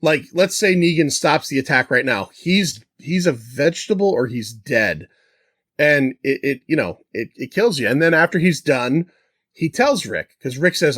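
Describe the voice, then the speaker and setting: A man's voice: a little high, expressive, normal speed, fairly bright tone, no room sound, clean studio sound. Man reflecting thoughtfully in podcast chat. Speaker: podcast co-host. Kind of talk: casual chat.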